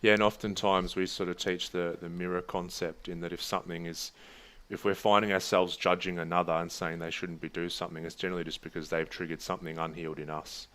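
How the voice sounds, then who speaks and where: A man's voice: deep voice, little pitch movement, fast talker, a bit bright. A man co-hosting a casual podcast, reflective and explaining ideas through examples. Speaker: podcast co-host.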